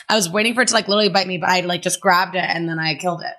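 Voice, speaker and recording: A young woman co-hosting a casual podcast, her voice bright and crisp. She tells her story with expressive gasps and wry asides. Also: fairly low pitch, racing. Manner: expressive, gasps and quips while telling a story. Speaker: podcast co-host. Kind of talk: casual chat.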